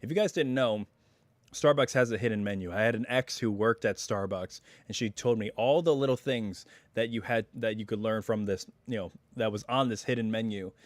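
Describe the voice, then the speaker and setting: A man hosting a casual live stream from home, chatting in a rambling way full of asides, his voice still a little hoarse as it recovers. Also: fairly low pitch, brisk, no echo.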